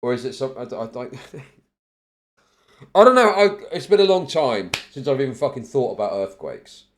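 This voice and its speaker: A man's voice: medium pitch, animated, brisk. A man giving blunt, profane live-stream commentary on news clips, laughing often.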